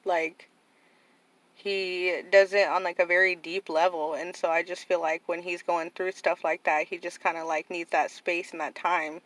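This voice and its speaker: A woman's voice: fairly low pitch, level tone, moderate pace, a bit bright, low-quality recording. A young adult woman casually telling a personal story to her viewers, rambling and full of "like" and "you know". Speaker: vlogger telling about her nephew.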